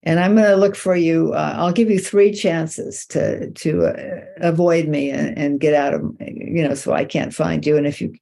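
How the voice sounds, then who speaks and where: A woman's voice: low voice, steady tone, normal speed, gravelly, few pauses, dark tone. Woman voicing a scornful huge demon. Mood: threatening. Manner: accusing, mocking. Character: huge nasty male demon, threatening and scornful.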